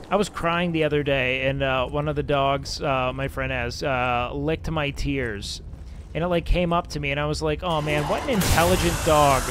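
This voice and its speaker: A young man talks loosely on a gaming stream, rambling between jokes and curse words and breaking into sudden excited yelps. His voice sits a little high for a man. A faint hiss of background noise runs under the recording. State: sleepy. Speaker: livestreamer. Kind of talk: casual gaming stream chat.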